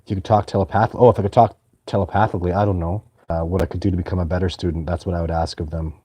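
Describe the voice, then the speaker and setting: A man's voice: deep voice, fairly even intonation, racing, dark tone, breathy edge, no echo. A man hosting a live stream, answering viewer questions in a casual, earnest and rambling way. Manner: earnest, rambling, many restarts.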